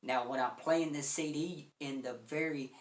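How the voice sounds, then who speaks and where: A man giving an effusive, excited review of audio gear, talking straight to his viewers and calling them "you all" again and again. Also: on the high side, moderate pace, roomy sound. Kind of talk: enthusiastic product review.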